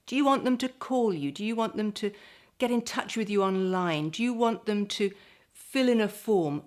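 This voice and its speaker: A middle-aged woman, a speaker coach, giving presentation tips straight to the camera and demonstrating calm and lively voice patterns. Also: medium pitch. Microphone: camera mic, standing.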